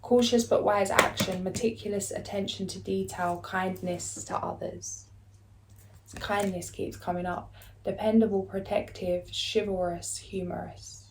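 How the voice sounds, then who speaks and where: A woman doing a spiritual card reading, talking in a calm, soothing, unhurried way as she reads aloud. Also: mid-range voice. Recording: echoey room, faint background noise.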